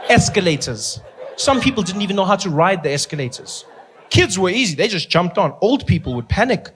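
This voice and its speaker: A man with a South African accent doing animated stand-up storytelling, acting out the people in it. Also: high-pitched, fairly quick, a little hiss or hum. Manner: animated, playful, acts out characters. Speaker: stand-up comedian.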